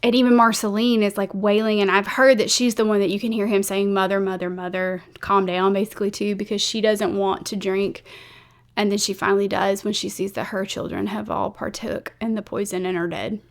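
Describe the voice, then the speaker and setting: A woman's voice: mid-range voice, level tone, fairly quick. A woman hosting a true crime channel, telling the story casually with lots of fillers, emotional moments and blunt asides. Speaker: true crime YouTube host.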